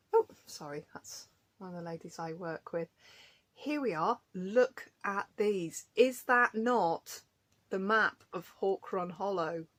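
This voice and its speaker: A woman's voice: mid-range voice, bright, forceful tone. Chatty woman rambling to camera. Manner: rambling, chatty, laughs often. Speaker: craft vlogger. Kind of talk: casual chat to camera. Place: at home.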